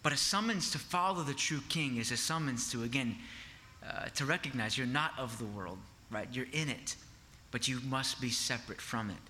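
A man's voice: mid-range voice, normal speed, pushed and bright, a little hiss or hum. A man preaching a sermon in a conversational way, asking rhetorical questions and often checking in with "right?".

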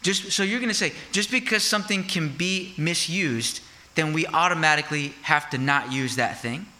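Pastor guy preaching a sermon, kinda high voice, talks right at the congregation with lots of questions. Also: moderate pace, sharp tone. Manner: conversational preaching, asks the congregation rhetorical questions.

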